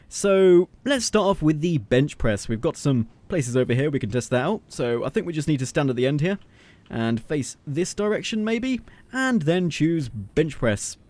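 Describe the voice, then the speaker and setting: Lively jokey man narrating gameplay. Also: on the high side, moderate pace. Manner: playful and jokey, teasing the character on screen. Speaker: gaming video creator. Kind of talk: casual gameplay commentary.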